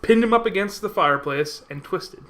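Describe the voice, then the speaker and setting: Young dude on a podcast, kinda high and bright, rambly, curses a lot. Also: male voice, moderate pace. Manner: excitable, rambling, swears freely. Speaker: podcast co-host. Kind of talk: casual chat over beers.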